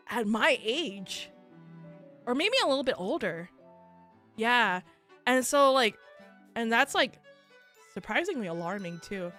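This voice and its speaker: A young woman with a high, lively voice chats casually on a stream, rambling through her stories with lots of filler words and easy laughter. She speaks at an unhurried pace, with faint music playing softly behind her. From United States. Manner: rambling storytelling with many fillers and frequent laughter. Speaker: VTuber streamer. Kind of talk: casual chat.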